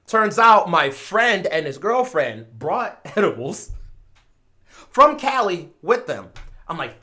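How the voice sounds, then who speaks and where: Guy from chicago rambling through a funny story, bright voice, jumps all over in pitch. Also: slow pace. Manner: animated, swings between mumbling asides and loud exclaims. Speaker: streamer. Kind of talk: casual storytelling.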